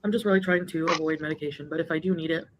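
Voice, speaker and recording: A woman's voice: low-pitched, racing, muffled recording, noisy background. A woman chatting casually in a vlog while eating, rambling and laughing often. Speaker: vlogger.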